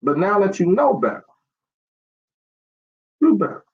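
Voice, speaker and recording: A man's voice: high voice, very animated, a little slow. A man preaching an online sermon, asking rhetorical questions and repeating phrases. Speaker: pastor. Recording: dull lo-fi stream audio.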